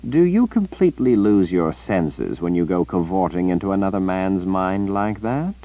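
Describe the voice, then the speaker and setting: A man's voice: low-pitched, sing-song, normal speed, no echo. An arrogant, theatrical sorcerer, as a male narrator puts him on in a raised, drawling voice that swings between lofty and sneering. The recording is dry and somewhat muffled. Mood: haughty. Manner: drawling, haughty, dismissive.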